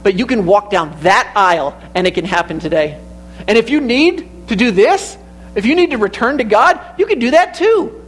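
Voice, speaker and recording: High-voiced man, earnest church sermon, repeats and builds phrases, faint music under. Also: lively intonation, normal speed, fairly bright tone, poor audio. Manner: earnest, repetitive, building to emphatic peaks. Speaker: preacher. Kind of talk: sermon with invitation. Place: church sanctuary.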